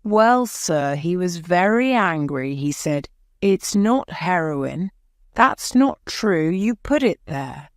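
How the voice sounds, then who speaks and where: A woman's voice: fairly low pitch, lively intonation, slow pace, dry recording, clean studio sound. A woman voicing a nervous male airport policeman giving hesitant, polite answers in court. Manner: hesitant, deferential, adds "sir".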